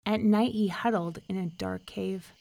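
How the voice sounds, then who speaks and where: A woman reading a folk tale aloud as storybook narration, calm and measured. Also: mid-range voice, creaky.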